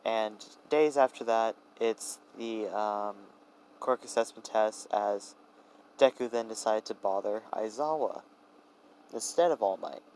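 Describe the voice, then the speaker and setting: A young man telling an improvised fan story, rambling along with many fillers and restarts. His voice is low, and faint noise hums behind him. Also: a little slow, a little mellow, rough recording. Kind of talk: improvised fan-fiction narration.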